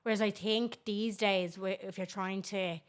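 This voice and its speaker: A woman's voice: medium pitch, steady tone, measured pace, clean tone. An Irish woman co-hosting a podcast in casual chat, blunt and sweary, often trailing off mid-thought. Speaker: podcast co-host.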